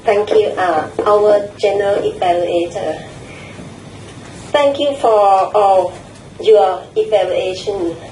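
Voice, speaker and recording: A woman's voice: mid-range voice, slow, far from the mic, noisy background. A woman chairing a speaking club meeting, polite and hesitant. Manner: polite and hesitant, with many ums. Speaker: toastmaster of the day. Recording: echoey room, picked up from afar.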